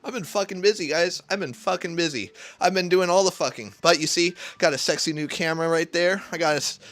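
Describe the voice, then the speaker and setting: A young cooking streamer chats through a casual livestream from his home kitchen, rambling, swearing a lot, and sounding hyped, recorded on a neck-mounted camera. His voice is fairly high and fairly bright, and he talks at a quick pace.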